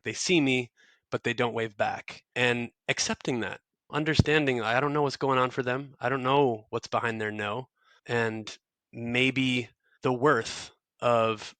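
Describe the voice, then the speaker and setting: A man's voice: mid-range voice, bright, forceful tone, no room sound. A young man, a guest author, telling a reflective story in an interview, earnest and searching, with frequent restarts and fillers.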